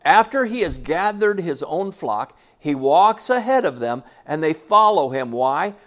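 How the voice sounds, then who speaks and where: A man's voice: on the high side, big pitch swings, unhurried. A man in his sixties preaching a sermon to a church congregation in a folksy, conversational way, often asking them questions. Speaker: pastor.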